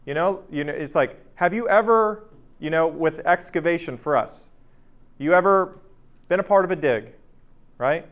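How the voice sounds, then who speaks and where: A man in his thirties, pitch on the high side and speed normal, hosts an easygoing workplace workshop. He's conversational, often asks "right?", and brings energy to acting out his anecdotes.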